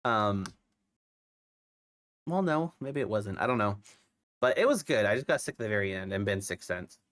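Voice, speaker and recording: A man's voice: on the low side, very animated, normal speed, a bit bright. A young man who is sick with a cough, chatting casually on his stream, rambling with lots of fillers and restarts. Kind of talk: casual chat.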